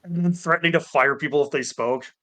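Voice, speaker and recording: A man talking over a voice call, ranting hard and swearing constantly. His voice sits a touch high and sounds bright and forceful. He drops into mocking impressions of the people he complains about. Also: fairly quick. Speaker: podcast co-host. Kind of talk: casual chat. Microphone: Discord call.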